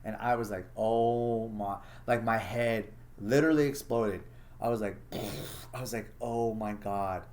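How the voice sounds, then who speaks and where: A man's voice: fairly low pitch, fairly even intonation, measured pace, darkish tone. A man hosting a casual solo monologue, blunt and profane, acting out his own inner thoughts as he talks. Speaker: podcast host.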